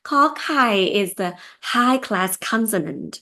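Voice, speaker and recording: A young woman with a Thai accent teaches beginners to read Thai, in a voice of middle pitch. She goes step by step and patiently repeats each word slowly so learners can follow along. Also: lively intonation, bright, forceful tone. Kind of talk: step-by-step reading lesson.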